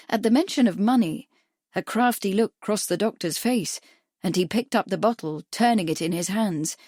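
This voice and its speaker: A woman narrating a cozy mystery audiobook in a steady, measured way. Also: mid-range voice, no echo, clean studio sound. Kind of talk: scripted narration.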